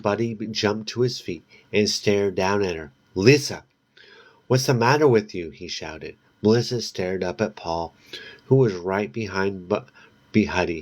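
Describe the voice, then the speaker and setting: Man, book reader, reading aloud, amused asides, slow. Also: low-pitched.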